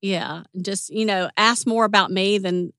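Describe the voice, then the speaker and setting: A woman's voice: medium pitch, normal speed, no room sound. Chatty woman guest, dry close sound. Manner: warm, chatty, animated when retelling. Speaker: interview guest. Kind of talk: casual storytelling interview.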